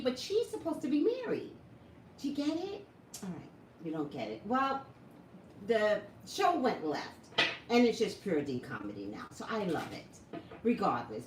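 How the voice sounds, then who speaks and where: Chatty woman vlogger, voice swings up and down a lot, echoey room, kinda far from the mic, noisy. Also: mid-range voice. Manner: chatty, animated, asks viewers questions. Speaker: psychic vlogger. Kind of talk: casual talk to viewers. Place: home room with an open door.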